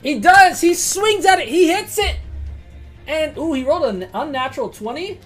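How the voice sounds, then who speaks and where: A woman running a tabletop game as game master, excitable and swearing, swinging from quiet to loud. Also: sits high, normal speed, faint music behind.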